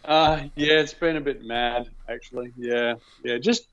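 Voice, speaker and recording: A man's voice: mid-range voice, fairly even intonation, a little slow, a bit bright, no echo. Hesitant man, dry lo-fi sound. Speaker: podcast co-host. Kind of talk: casual podcast chat. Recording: dry, dull lo-fi line.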